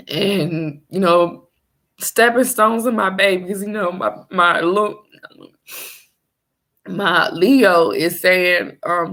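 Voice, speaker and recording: Slow, gravelly-voiced young woman. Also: lowish voice, a bit bright. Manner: halting, searching for words, trailing off. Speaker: mother telling her own story. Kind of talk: personal vlog storytelling.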